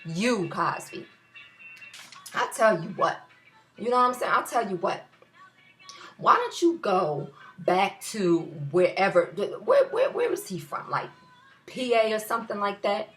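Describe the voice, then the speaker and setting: Young woman, New York area accent, mid-pitched, fiery profane vlog rant, faint music underneath. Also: animated, measured pace, long pauses, a bit bright. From US tri-state area. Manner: profane, emphatic, repeats phrases for emphasis. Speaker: vlogger. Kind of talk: heated ranting monologue.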